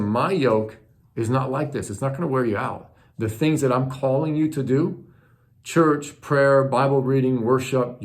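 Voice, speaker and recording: A man's voice: mid-range voice, a little mellow. Guy preaching, chatty and earnest, keeps asking the room questions. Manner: earnest, conversational teaching with rhetorical questions. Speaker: pastor. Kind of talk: sermon.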